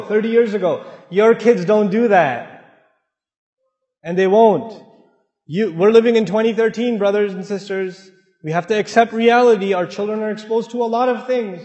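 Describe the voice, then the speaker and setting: A man with a high voice preaches to a congregation in an earnest, conversational way. His voice swings from loud emphasis to quiet asides. The long reverb of a big hall carries it, through dull, lo-fi sound. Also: normal speed. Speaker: Islamic speaker. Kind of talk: sermon to a mosque audience.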